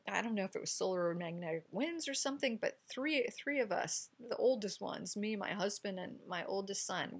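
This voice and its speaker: A middle-aged woman giving an informal spiritual sermon to a camera, speaking softly and meditatively and often sinking into whispered affirmations. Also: mid-range voice, slightly rough. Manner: soft and meditative, drifting into hushed whispered affirmations. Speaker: pastor. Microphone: camera mic.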